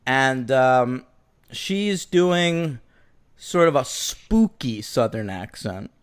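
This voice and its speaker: A man co-hosting a film review podcast, animated and profane, acting out lines as he chats. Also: mid-range voice, very slow, clear, resonant tone. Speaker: podcast co-host. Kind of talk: casual film review chat.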